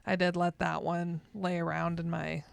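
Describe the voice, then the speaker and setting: A woman's voice: on the low side, little pitch movement, moderate pace, vocal fry, clear, resonant tone, dry recording. A woman co-hosting a podcast, chatting casually and telling joking stories. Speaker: podcast co-host. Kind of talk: casual chat.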